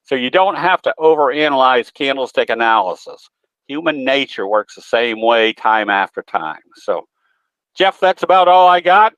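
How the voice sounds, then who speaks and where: A man's voice: mid-range voice, lively intonation, normal speed, fairly bright tone, no echo, dull audio. A man presenting in a webinar, talking in a folksy, rambling way with many filler sounds. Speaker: guest presenter, trading educator. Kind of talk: webinar talk with a folksy anecdote.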